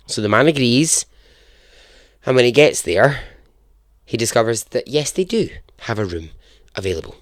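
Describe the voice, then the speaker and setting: In this casual storytelling narration, a male podcast host recounts a true story, joking at his own expense and laughing along. His mid-range voice swings widely in pitch at a moderate pace, captured in a dry, clean studio recording.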